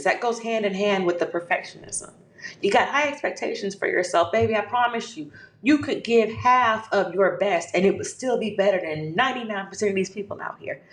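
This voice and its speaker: A woman hosting a podcast, giving a motivational talk with emphatic, repeated affirmations and calling the listener "baby". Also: mid-range voice. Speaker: podcast host. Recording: echoey room.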